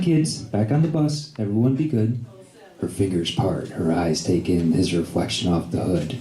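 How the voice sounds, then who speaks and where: A man's voice: lowish voice, dark tone. A man at an open mic casually reciting a humorous poem with an amused delivery. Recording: echoey cafe room.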